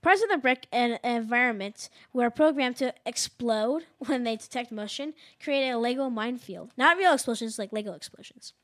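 High-voiced young woman reading gadget news. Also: normal speed, hardly any pauses, fairly bright tone. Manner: reads news items aloud, stumbles and jokes at herself. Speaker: podcast host. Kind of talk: casual gadget news chat.

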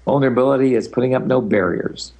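A man's voice: mid-range voice, fast, darkish tone. An older man answering interview questions as a speaker and facilitator, talking in an easygoing, rambling way with the odd tease.

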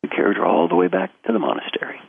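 Relaxed sleepy monk, put on by a man, lively pitch, gravelly. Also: racing, no room sound, full character voice. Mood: unbothered. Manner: easygoing, unbothered. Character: calm unbothered sleepy male monk. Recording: tinny phone line.

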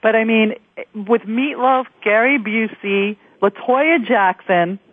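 A woman's voice: on the high side, slow pace, dry recording. A woman radio host chatting in a talkative, candid and opinionated way during an interview. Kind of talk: interview chat. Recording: tinny phone line, dry.

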